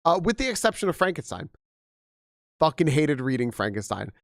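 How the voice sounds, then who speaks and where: A young man chatting casually on a game stream, rambling and animated with frequent restarts, slightly hoarse from losing his voice. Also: on the high side, fairly quick, no echo, studio quality. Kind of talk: casual live-stream chat.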